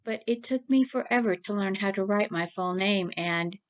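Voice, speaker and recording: A woman voicing a grieving young woman who rambles nervously in long rushes. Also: mid-range voice, natural voice. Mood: rambling.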